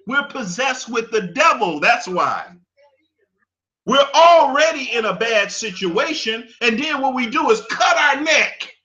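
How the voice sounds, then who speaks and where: A man's voice: extremely high pitch, big pitch swings, unhurried, sharp tone, highs cut off. A man, giving an impassioned monologue that repeats phrases for emphasis. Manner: preachy, emphatic, repeats phrases, laughs at his own points. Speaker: commentator.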